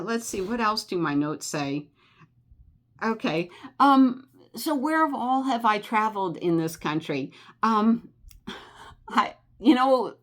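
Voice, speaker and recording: A woman's voice: mid-range voice, a bit bright. An older woman with a New Jersey accent, chatting casually and rambling about travel, with lots of fillers and laughs. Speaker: travel vlogger.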